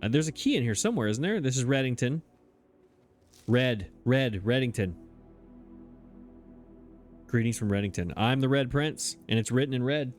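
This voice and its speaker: A man's voice: medium pitch, expressive, moderate pace, pauses often, faint music behind. A man hosting a let's play, talking casually into his desk microphone as he thinks aloud, hesitating and chuckling at himself. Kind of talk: casual gameplay commentary.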